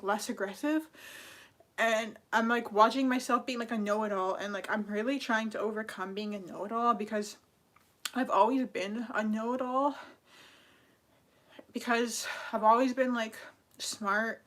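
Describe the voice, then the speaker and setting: A woman's voice: a little high, fairly bright tone. A young woman talking casually on a livestream, rambling with lots of fillers and apologizing for herself. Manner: rambling, filler-heavy, self-critical. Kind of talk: casual live-stream chat.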